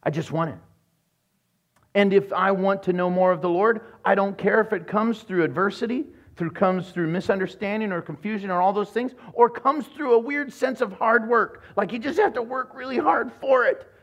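A man's voice: high-pitched, moderate pace, dull audio. A man preaching a sermon as pastor, telling jokey stories and acting out other people's voices. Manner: animated, joking storyteller, acts out voices.

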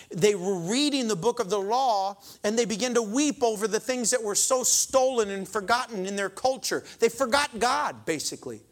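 Animated, joking male preacher. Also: high voice. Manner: animated and joking, with sudden emphatic exclamations. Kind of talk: sermon.

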